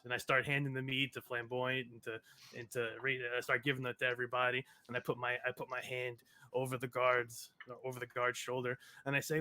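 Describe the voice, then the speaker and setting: Man, player, bright tone, playful, rambling, stumbling. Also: medium pitch, level tone, fast. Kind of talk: tabletop role-play.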